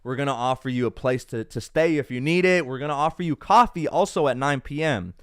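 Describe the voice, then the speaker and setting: A man's voice: mid-range voice, fairly quick, smooth, dry recording, studio quality. A young man hosting a casual live stream, chatting upbeat with viewers and slipping into Spanish now and then, while feeling unwell. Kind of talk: casual live-stream chat reading comments.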